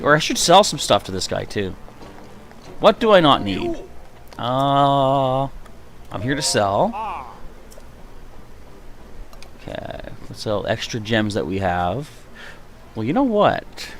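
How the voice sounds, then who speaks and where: A man's voice: medium pitch, sing-song, unhurried, fairly bright tone, slight background noise. A man chatting to himself and his viewers while playing through a live stream, reacting as he goes. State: hiccuping. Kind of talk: gameplay live stream commentary.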